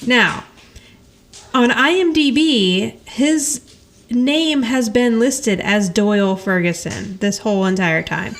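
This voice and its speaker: A woman hosts a podcast and casually recaps an episode, telling it as a chatty story, laughing often and performing the characters' lines. Her voice is on the high side, and she takes her time.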